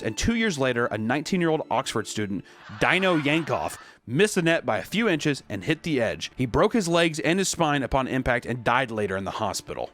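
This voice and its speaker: A man's voice: a little high, fairly bright tone. A man reading a list aloud and riffing on it with casual, joking commentary, swearing and breaking into silly voices. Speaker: YouTube commentator.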